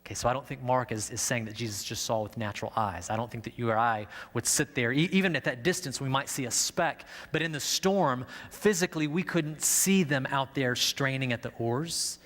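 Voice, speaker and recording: A man preaching an earnest sermon from a church sanctuary, his mid-pitched voice carried by a long, ringing reverb. He doubles back on words as he explains, preaching with steady conviction. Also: a little fast, hardly any pauses. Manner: earnest, stumbles and repeats words while preaching. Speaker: pastor.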